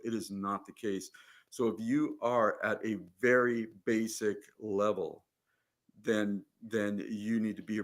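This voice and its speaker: A man with a low voice speaking in a casual talk about his event. He sounds earnest and encouraging, often repeating and restarting his words. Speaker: event organizer. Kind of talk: casual chat.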